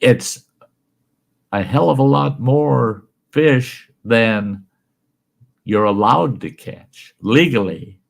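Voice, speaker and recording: A man's voice: medium pitch, extremely slow, gravelly, long pauses, pitched above the performer's own voice. A man voicing a stern male camp superintendent who scolds a boy caught fishing alone. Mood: scolding.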